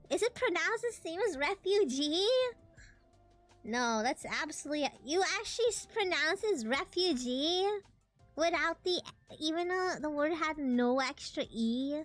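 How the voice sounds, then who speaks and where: Young woman streamer, high and bouncy, giggly and unhurried, stumbles on words, soft game music behind. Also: animated. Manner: giggly, trips over words and laughs at herself. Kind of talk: casual game stream chat. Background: faint game music.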